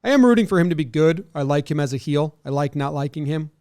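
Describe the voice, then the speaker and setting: In studio-quality audio without echo, a man with a slightly high, darkish, expressive voice reads injury news at a quick pace on the casual sports podcast he co-hosts. Between items he jumps in with jokes and commentary.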